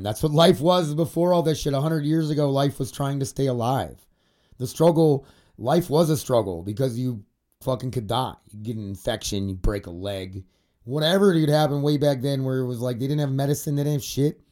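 A man's voice: mid-range voice, warm tone. A young man talking candidly in a confessional vlog, rambling, swearing, with many fillers, tearful at times. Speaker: podcaster. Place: indoor studio set facing a camera.

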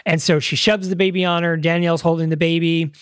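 A man with a fairly high voice walks through a movie's plot in a relaxed podcast chat. He recaps scene by scene, padding his sentences with fillers, and the recording is dry and close. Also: fast talker, clear, resonant tone, no room sound. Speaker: podcast co-host. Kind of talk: casual movie-review chat.

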